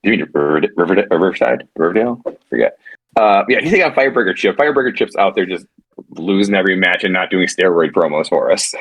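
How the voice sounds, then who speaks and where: A man with a husky, lower voice chatting on a podcast, his pitch swinging widely as he rambles, restarts and curses. The sound is dry and close to the mic. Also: fast, dry recording. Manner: rambling, animated, frequent restarts and profanity. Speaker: podcast co-host. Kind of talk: casual podcast chat.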